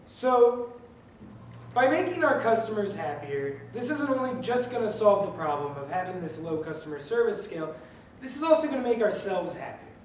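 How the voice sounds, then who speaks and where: A young adult speaker giving an earnest, prepared speech to pool staff, opening with a joke before urging them on. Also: mid-range voice. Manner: earnest, tells a joke then urges the listeners. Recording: echoey room, from far off, faint noise.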